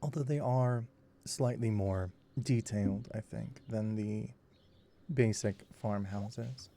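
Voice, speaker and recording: A man giving slow, soft, musing commentary over a farming video game, meant to help listeners fall asleep. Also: fairly low pitch, gravelly. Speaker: gameplay commentator. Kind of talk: relaxed sleep gameplay commentary.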